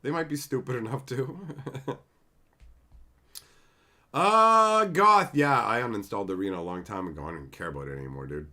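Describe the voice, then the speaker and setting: Hosting a live stream, this man has a lowish, animated voice that sounds pushed and bright, moving at normal speed with long pauses. His commentary is profane: blunt, sarcastic rants full of swearing, plus shout-outs to viewers in the chat.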